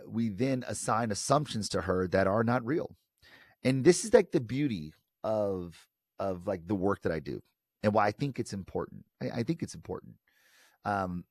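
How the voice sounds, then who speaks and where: A lower-pitched American man from Detroit speaks as a guest in an interview. He is animated and slips into quoted voices to make his point. The sound is dry and close. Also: dry recording. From Detroit, United States. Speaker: guest, professor and author. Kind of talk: conversational interview.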